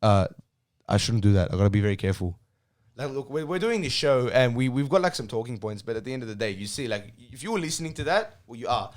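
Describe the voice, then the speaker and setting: A man's voice: medium pitch, animated, fast talker, no room sound. Rambling young man, dry sound. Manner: rambling, self-mocking, laughs often. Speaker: podcast co-host. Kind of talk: casual chat.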